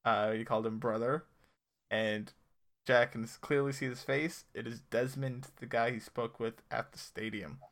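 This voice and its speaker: A man's voice: mid-range voice, fairly even intonation, moderate pace, creaky, a bit bright. A man casually recapping a TV episode on a podcast, rambling and correcting himself as he goes. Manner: rambling, self-correcting, laughs often. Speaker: podcast co-host.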